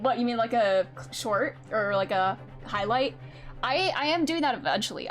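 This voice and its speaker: High-pitched chatty woman streamer. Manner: chatty, rambling, trails off. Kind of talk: casual game stream commentary.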